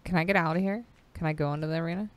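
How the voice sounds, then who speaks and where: A woman playing a tabletop game, excitable and eager. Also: low-pitched, racing. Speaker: player.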